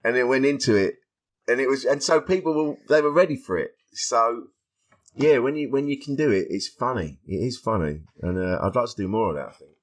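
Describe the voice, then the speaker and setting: A man, a stand-up comedian guest on a podcast, telling stories in a lively way and acting out the voices of people he quotes. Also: mid-range voice, a little fast. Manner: animated storytelling, acts out quoted voices. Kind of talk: casual podcast interview.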